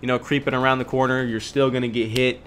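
Bright-voiced young man commentating gameplay. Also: medium pitch, fast talker. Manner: relaxed, chatty, frequent ums, self-correcting.

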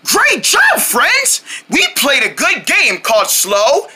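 A woman's voice: sits high, wildly swooping pitch, slow, sharp tone, full character voice. Milo, a woman voicing a bubbly boy. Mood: excited. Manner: bubbly, sing-song, talks straight to child viewers. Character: cheerful excitable young boy named Milo. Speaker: children's show character. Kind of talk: children's cartoon voice acting.

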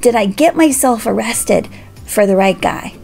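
A woman's voice: fairly high pitch, expressive, unhurried, creaky, darkish tone, faint music behind, exaggerated voice. A woman voicing a worried, imprisoned man who anxiously questions whether he did the right thing.

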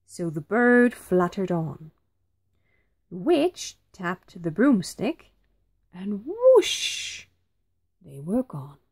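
A woman reading a rhyming picture book aloud to children, like a teacher. She takes it very slowly, line by line, with clear, careful phrasing. Her pitch rises and falls widely to bring the story alive. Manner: very slow, expressive, clearly phrased.

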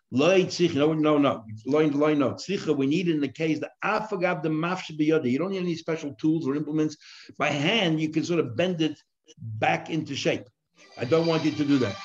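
A man's voice: on the high side, darkish tone, lo-fi sound. A man, a rabbi, teaching a daily Talmud class, reading Aramaic phrases and explaining each one in plain English.

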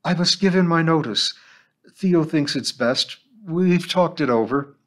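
A man's voice: on the high side, unhurried, a bit bright, pitched above the performer's own voice. A man reading an audiobook and voicing a fretful, hesitant middle-aged woman teacher who is a grandmother. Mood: anxious.

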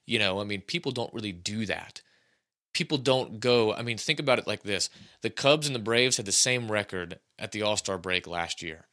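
A man in his thirties hosting a casual sports podcast, talking in an animated, rambling, jokey way. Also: lowish voice, normal speed. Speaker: podcast host.

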